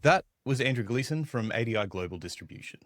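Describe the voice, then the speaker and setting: A man hosting a casual interview, upbeat and quick to laugh. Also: medium pitch, lively intonation, a bit bright, faint music behind. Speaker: podcast host.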